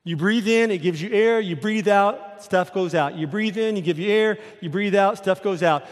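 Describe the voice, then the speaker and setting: Easygoing male dive instructor, put on by a preacher, steady and repetitive, high-pitched, reverberant hall. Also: normal speed, lightly acted. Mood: instructing.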